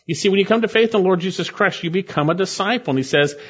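A man preaching a sermon, earnest and emphatic, slowing down to stress phrases and pleading with listeners. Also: high-pitched, breathy edge, lo-fi sound.

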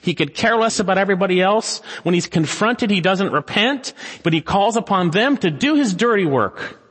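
A pastor preaching a sermon, swinging between raised urgency and hushed pleading, reading scripture slowly and solemnly. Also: male voice, high-pitched, lively intonation, slightly rough. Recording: long hall reverb.

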